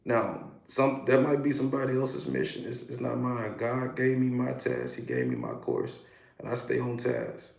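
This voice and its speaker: A man's voice: mid-range voice, expressive, moderate pace, vocal fry, darkish tone, roomy sound. A man, a hypnotherapist, hosting a casual livestream, talking animatedly and greeting viewers by name.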